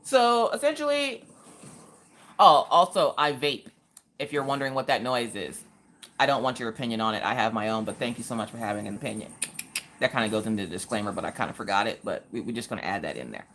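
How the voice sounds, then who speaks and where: Brief: low, animated female host, sarcastic storyteller, pitch swings all over. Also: fast talker, slight background noise. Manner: animated, sarcastic, acts out the people in her stories. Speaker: live-stream host. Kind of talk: casual storytelling on a craft live stream.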